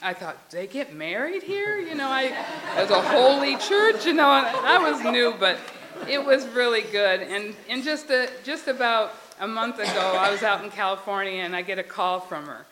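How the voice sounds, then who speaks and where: A woman sharing a memory at a memorial, telling her story with animated, laughing dialogue. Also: on the high side, normal speed, crowd noise, noisy background. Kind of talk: storytelling testimony.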